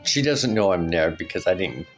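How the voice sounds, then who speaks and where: A man's voice: sits low, lively intonation, normal speed, faint music behind. A man casually telling a personal story in a rambling way, full of fillers and "right?" asides. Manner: rambling, with many fillers and tag questions. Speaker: storyteller recounting a personal experience. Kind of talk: casual spoken anecdote.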